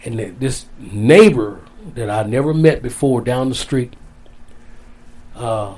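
A man's voice: mid-range voice, takes it slowly, a little mellow. A man as an interview guest, telling a long personal story in a casual, rambling way, repeating his phrases. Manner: rambling, repeats phrases, folksy Southern-style speech.

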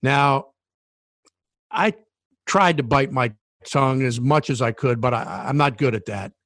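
A man's voice: medium pitch, measured pace, a bit bright. Guy telling a story with lots of ums, dry close mic, nothing roomy. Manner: rambling anecdote with many fillers. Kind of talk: casual storytelling.

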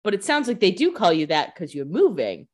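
A woman's voice: medium pitch, big pitch swings, brisk. Joking woman podcast co-host. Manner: joking, filler-heavy with frequent "like". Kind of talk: casual chat.

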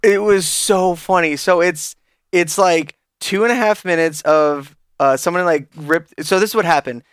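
A man co-hosting a gaming podcast, animatedly retelling a funny story. His voice sits a bit high and sounds smooth, recorded dry and close. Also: moderate pace, no echo. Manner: animated anecdote teller who acts out quoted voices. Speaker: podcast co-host. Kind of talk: casual chat.

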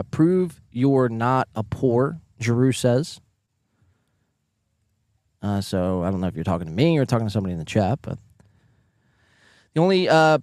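Foul-mouthed Northeastern podcast host, dry sound. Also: male voice, on the low side, dry recording. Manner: profane, joking, animated bursts. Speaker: podcast host reading live chat. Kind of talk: casual livestream chat. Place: home, near neighbors.

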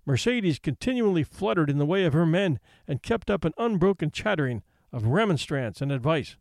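A man narrating a classic novel aloud with expressive storytelling. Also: fairly high pitch, no echo, studio quality. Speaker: audiobook narrator. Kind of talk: scripted narration.

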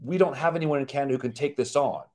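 A man's voice: mid-range voice, very fast, darkish tone. A man speaking as a company chief on a live stream, explaining rules in an emphatic way and acting out the back-and-forth of clients and lawyers. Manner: emphatic, acts out quoted exchanges. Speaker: guest, company CEO.

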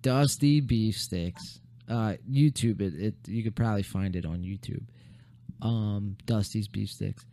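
A man's voice: on the low side, moderate pace, gravelly, dark tone, dry recording, studio quality. Rambling young man hosting a podcast. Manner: rambling, loose and profane, with many fillers. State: losing his voice. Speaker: podcast host. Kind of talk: casual podcast chat.

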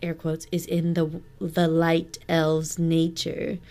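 A woman's voice: low voice, monotone, slow pace, dark tone. A young woman co-hosting a casual book podcast, laid-back, swearing casually and reading quotes aloud. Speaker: podcast co-host.

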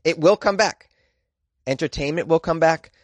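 A man's voice: a little high, normal speed, no echo. Wry man hosting a comedy news podcast. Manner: wry, sarcastic asides.

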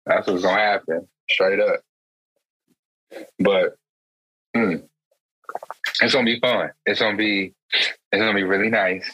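A man's voice: lowish voice, steady tone, a little slow, pauses often, pushed and bright, slightly rough, dry recording, low-quality recording. A young man chatting as a podcast guest, laughing often and talking in easy slang. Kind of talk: casual podcast chat.

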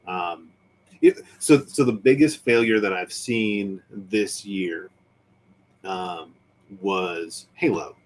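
A man's voice: lowish voice, takes it slowly. A man hosting a podcast in casual chat, speaking in an opinionated, ranting way. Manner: opinionated, ranting about nerd movies and shows. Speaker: podcast host.

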